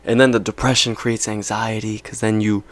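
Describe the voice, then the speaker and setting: A man's voice: lowish voice, little pitch movement, normal speed. A young man vlogging in a casual, rambling monologue, peppered with slang and "right?" checks.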